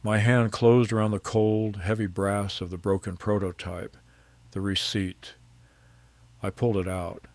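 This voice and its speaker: Low, gravelly middle-aged male narrator. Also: no echo. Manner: calm, measured and precise. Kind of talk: first-person story narration.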